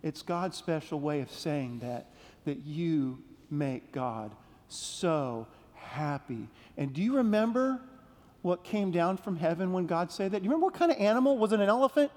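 A man giving a playful children's sermon, telling a story gently and asking the kids questions. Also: a little high, sing-song, a little slow. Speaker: pastor leading a children's message. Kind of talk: children's sermon with call-and-response. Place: large church sanctuary. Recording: long reverb of a big sanctuary.

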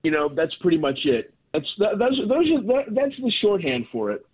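This comedian from Baltimore has a high-pitched, breathy-edged voice with big pitch swings, moving at a moderate pace. Chatting casually in a phone interview, he rambles, mocks himself, and keeps using fillers and restarting, all heard through a tinny phone line.

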